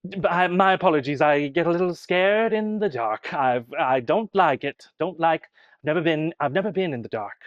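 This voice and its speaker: A man's voice: on the high side, animated, moderate pace, no echo, dull audio, lightly acted. A man voicing a scared, skinny male elf who stammers and hesitates. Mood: nervous.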